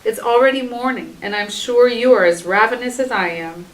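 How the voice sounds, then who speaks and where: A woman reading a storybook aloud, voicing a fussing, excitable mother hyena. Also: on the high side, normal speed, echoey room, far from the mic, lightly acted, low-quality recording. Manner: exclamatory.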